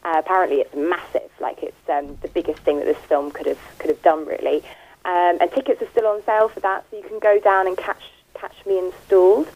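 A young British actress chatting in an interview, giggly and full of ums, heard over a phone line. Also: female voice, fairly low pitch, a little mellow. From Britain. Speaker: actress guest. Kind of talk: casual interview. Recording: tinny phone-line radio sound.

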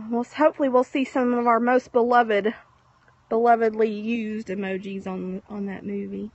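A woman's voice: fairly high pitch, moderate pace, darkish tone, dull audio. Chatty woman live-streaming outdoors. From Texas. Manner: chatty, greets viewers by name. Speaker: livestream host. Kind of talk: casual live-stream chat. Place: outdoors in the countryside at sunset.

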